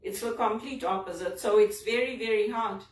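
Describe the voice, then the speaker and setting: A woman's voice: mid-range voice, normal speed. A woman from Zimbabwe, talking in an earnest, personal, reflective monologue about a leadership book. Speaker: vlogger discussing a leadership book. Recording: roomy sound from a distant mic.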